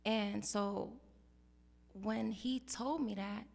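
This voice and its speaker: A woman hosting a casual interview, telling a personal story with animated, acted-out quotes. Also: medium pitch, extremely slow, gravelly, in a large hall. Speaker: host.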